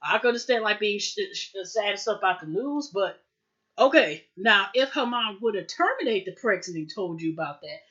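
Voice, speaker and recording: Woman rambling thru a tv recap, mid pitch, lots of like and you know, kinda dull lo-fi sound. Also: expressive, fairly quick. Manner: chatty, rambling, heavy with fillers like "you know" and "like"; jumps into higher, louder voices when quoting characters. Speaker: TV show reviewer, host. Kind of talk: casual spoken episode recap. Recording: dull lo-fi audio.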